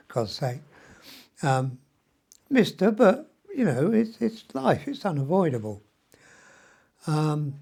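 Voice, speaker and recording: A man's voice: on the high side, darkish tone, breathy edge. A man, rambling through a personal video diary with mild swearing and frequent ums, sounding weak and short of breath from illness. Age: 70s. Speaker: vlogger.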